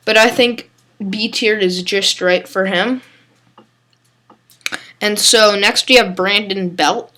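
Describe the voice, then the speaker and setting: Young female host, unhurried rambling delivery, hiccups and a cough. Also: medium pitch, a bit bright. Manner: rambling, filler-heavy, self-correcting. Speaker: baseball channel host. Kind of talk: casual solo commentary.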